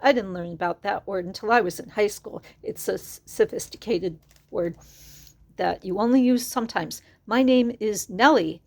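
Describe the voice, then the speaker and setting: A woman's voice: mid-range voice, normal speed, creaky, a little mellow. A middle-aged woman reading a picture book aloud to children, stopping for chatty asides to explain new words.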